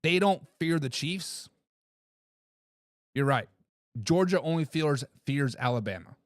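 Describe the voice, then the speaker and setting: Brief: high-voiced male sports-stream host, bouncy and excitable, teasing his chat, dry close sound. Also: a little slow, no echo. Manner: excitable, laughs and repeats himself, teases commenters. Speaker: sports talk show host. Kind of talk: live-stream chat reading viewer comments.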